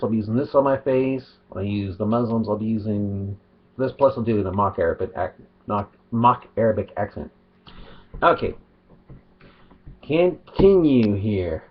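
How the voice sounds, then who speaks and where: A man's voice: fairly low pitch, slightly rough. A man talking casually to his webcam at home, rambling and breaking off his own sentences. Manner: rambling, self-interrupting. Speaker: video blogger. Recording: dull lo-fi webcam audio.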